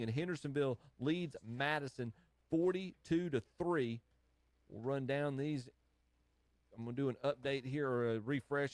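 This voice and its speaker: A man hosting a live radio scoreboard show, running through high school football scores in casual studio banter and laughing often. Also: no room sound. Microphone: studio microphone.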